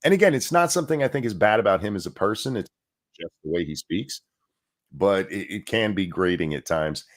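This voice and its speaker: A man's voice: deep voice, expressive, fairly quick. A man hosting a casual livestream, rambling and sarcastic, swearing freely and restarting his sentences often. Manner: rambling and profane, with frequent restarts. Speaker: livestream host.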